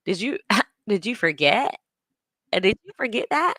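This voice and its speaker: A woman's voice: medium pitch, sing-song, measured pace, pushed and bright, no room sound, studio quality. A woman hosting a casual livestream, chatting and greeting viewers by name with teasing humor. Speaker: livestream host. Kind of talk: casual chat.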